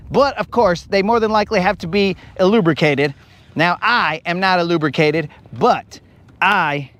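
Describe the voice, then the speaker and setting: Upbeat fishing streamer, a man with a high, bouncy voice, animated storyteller. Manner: animated storyteller, calls everyone bro; breaks into high whooping yells. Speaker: fishing livestreamer. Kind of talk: casual live-stream chat.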